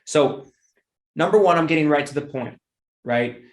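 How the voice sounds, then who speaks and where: A sales trainer, a man with a slightly high voice, teaches sales calls at a moderate pace in an echoey room. He's casual and repetitive, repeating words, correcting himself, and acting out phone scripts in bright, excited, upbeat tones.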